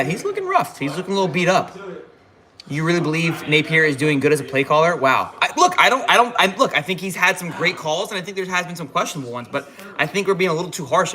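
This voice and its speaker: A man's voice: a little high, expressive, fast talker, pushed and bright. A tipsy man hosting a live halftime reaction stream, fired up and rambling with frequent restarts. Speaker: fan livestream host.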